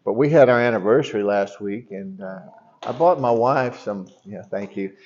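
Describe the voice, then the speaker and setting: A man's voice: lowish voice, normal speed, darkish tone, lo-fi sound, slight background noise. A middle-aged man preaching in church, telling a long personal story with many restarts and asides. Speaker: pastor. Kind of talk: sermon.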